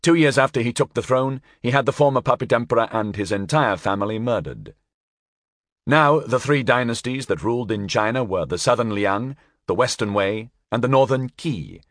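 Animated male history narrator, dry close sound. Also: medium pitch, normal speed, no room sound. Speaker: audiobook narrator.

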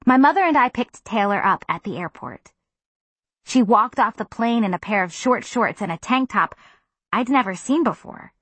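A woman's voice: a little high, expressive, normal speed, fairly bright tone, husky, no echo. A woman narrating a first-person audiobook in a wry, confiding manner.

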